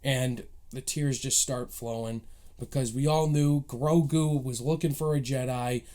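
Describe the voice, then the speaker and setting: A man's voice: mid-range voice, steady tone, a little slow, warm tone. A man giving a casual spoken review of a TV episode, recapping plot beats with eager, emotional enthusiasm. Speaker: movie reviewer.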